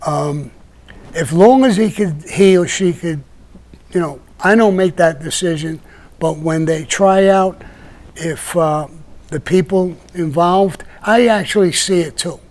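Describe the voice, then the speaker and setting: A man's voice: a little high, measured pace, a little mellow. An older man with a Brooklyn accent, telling stories in a rambling, casual way full of restarts. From Brooklyn, New York. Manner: rambling, with many restarts and "you know". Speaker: podcast guest telling stories. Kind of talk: casual storytelling chat.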